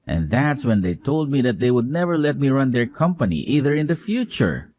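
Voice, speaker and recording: A man's voice: medium pitch, very animated, a little fast, darkish tone. A man playing a young cheating ex-fiancé who pleads and whines to get back together, in a narrated story drama. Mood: self-pitying. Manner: begging, whiny.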